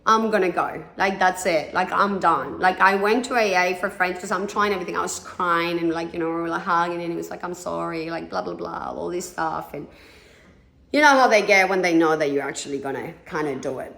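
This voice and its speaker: A woman's voice: on the low side, brisk, gravelly, fairly bright tone. A woman in her thirties telling her own story candidly, frank and blunt, swearing freely and acting out what others said. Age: 30s. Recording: echoey room.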